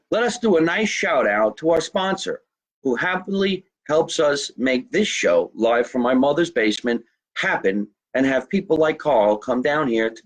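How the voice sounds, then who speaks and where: A man hosting a casual live show, chatty and jokey, reading out fan mail and sponsor plugs. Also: mid-range voice. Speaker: podcast host.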